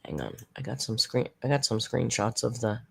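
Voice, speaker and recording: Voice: mid-range voice, lively intonation, moderate pace, gravelly, a bit bright, slightly rough. A commentary channel host recapping a livestream in a chatty, sarcastic tone, with mocking asides.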